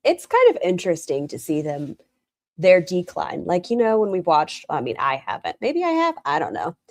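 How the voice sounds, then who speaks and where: A woman's voice: fairly low pitch, huge pitch swings, moderate pace, darkish tone, no room sound. Wry woman hosting a reaction stream. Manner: dry, wry, mocking. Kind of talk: casual reaction commentary.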